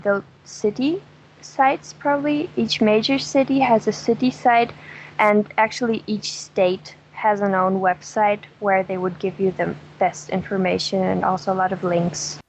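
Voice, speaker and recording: A woman's voice: mid-range voice, fairly even intonation, a little slow, slight background noise, poor audio. A woman from Germany with a German accent, a travel guest chatting casually in an interview, laughing often and telling jokes with gusto. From Dresden, Germany.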